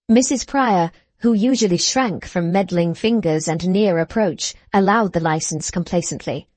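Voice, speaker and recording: A woman narrating a classic novel as an audiobook, in an even, unhurried storytelling manner. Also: lowish voice, dry recording. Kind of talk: scripted narration.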